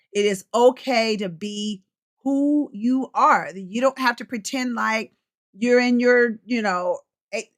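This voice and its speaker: A woman's voice: medium pitch, a bit bright. A middle-aged woman coaching and hosting a casual livestream, chatting freely, reading out viewer comments and laughing often.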